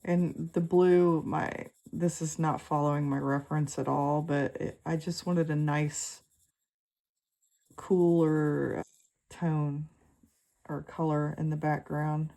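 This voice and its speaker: An art tutor with a low, gravelly-fry voice leads a relaxed draw-with-me lesson. She takes it slowly, speaking unhurriedly with plenty of fillers and half-finished thoughts.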